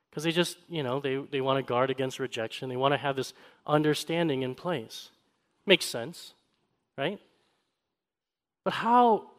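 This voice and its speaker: A man preaching a sermon, moving between raised, emphatic points and quiet, quick personal stories told to the congregation. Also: a little high. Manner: swings from raised, emphatic preaching to quiet, fast conversational storytelling. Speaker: pastor.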